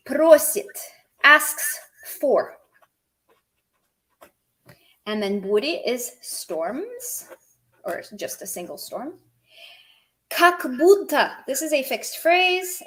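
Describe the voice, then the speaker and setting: A woman with a somewhat high voice leads a language lesson, talking at an unhurried, deliberate pace. She breaks words down one at a time and turns to chat with her viewers. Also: very animated, pushed and bright, rough recording. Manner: explains word by word, chatty asides to viewers. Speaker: Russian language teacher. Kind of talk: live-stream language lesson.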